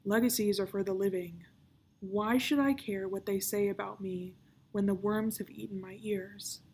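A woman's voice: medium pitch, steady tone, normal speed, darkish tone, breathy edge. A woman reading aloud, voicing a brooding, fatalistic male pirate captain of about thirty who talks in grim growls.

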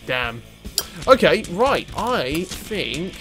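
A young man commentating his gameplay, excitable and swearing, breaking into sudden high yelps and laughter. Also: extremely slow, over music. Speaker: let's play gamer.

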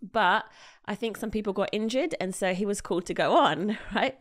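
At normal speed and in a mid-range voice, a woman co-hosting a podcast retells a story chattily. She leans on lots of fillers and acts out the people she quotes.

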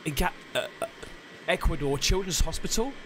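A man hosting a reaction video, jumpy and swearing freely, shouting when something startles him. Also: a little high, animated, moderate pace, background noise. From England. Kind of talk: excitable reaction commentary.

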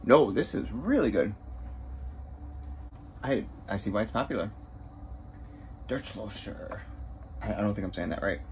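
A man on tour as a bassist, chatting straight to the camera in a casual travel vlog and poking fun at himself. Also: big pitch swings, normal speed, pauses often, a little mellow, slight background noise. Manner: chatty, self-mocking, talks straight to camera. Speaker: touring bassist.

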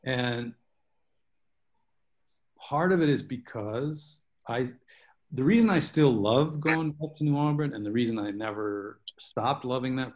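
A man speaking over a video call, an author talking with a book club. He tells winding, self-aware stories and drifts off on tangents. His voice sits at an everyday middle pitch. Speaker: guest author. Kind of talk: storytelling in a book club discussion.

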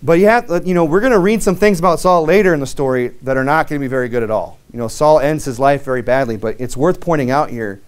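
Folksy American preacher, casual and chatty. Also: male voice, fairly high pitch, fast talker, few pauses, smooth. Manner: conversational, folksy preaching with frequent fillers and restarts. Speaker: pastor. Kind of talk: sermon.

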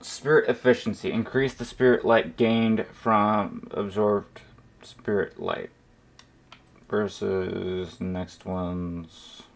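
Slow, rambling gamer man. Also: on the low side, steady tone, creaky. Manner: rambling, joking, mutters to himself. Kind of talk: casual let's play commentary. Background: game music.

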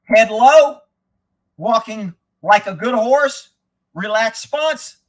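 A man's voice: high voice, lively intonation, slow. A man who trains horses, giving blunt, rambling live commentary over riding footage and swearing freely.

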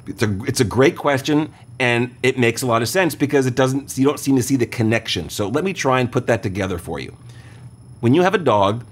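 A man's voice: on the low side, slightly rough. A man hosting a radio advice show, explaining things step by step and often checking in with listeners. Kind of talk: call-in radio advice talk.

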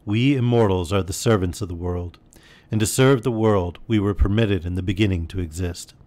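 A man's voice: low voice, moderate pace, dark tone, natural voice. A man reading aloud and voicing a wise, solemn male immortal from a storybook, with a grave, earnest delivery.

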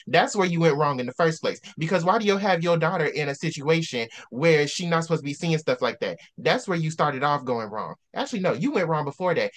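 Hosting a casual book discussion, a man with a somewhat high-pitched voice rants with real heat. He keeps returning to the same phrases to hammer his point home.

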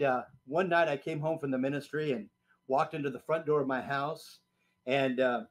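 A male pastor preaching a sermon, telling a story with lively swings between booming and hushed delivery, in a church. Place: church sanctuary.

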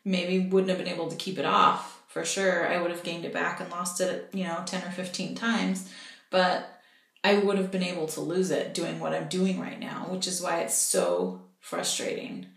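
A young woman talking candidly in a personal vlog, venting her frustration and discouragement with frequent pauses and ums. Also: fairly low pitch, vocal fry, roomy sound. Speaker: vlogger.

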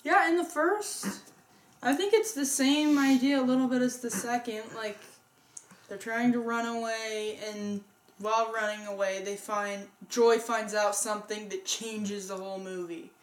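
A woman's voice: fairly high pitch, fairly even intonation, a little slow. A woman co-hosting a casual movie review, earnestly retelling the plot step by step.

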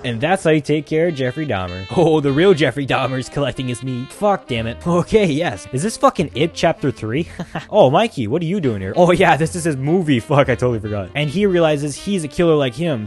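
A man's voice: on the high side, lively intonation, a little fast, darkish tone, soft background music. A young man giving crude, sarcastic running commentary while watching a movie. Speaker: movie reaction host. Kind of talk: profane movie reaction commentary.

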